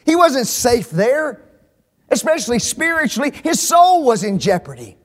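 A man preaching a sermon in a high, animated voice. He swings from hushed asides to shouted emphasis. He keeps pressing the congregation with rhetorical questions. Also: normal speed.

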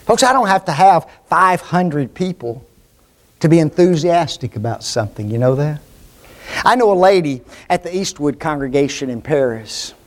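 Emphatic high-voiced preacher man. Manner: emphatic, rhetorical questions, swings between loud and hushed. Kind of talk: sermon.

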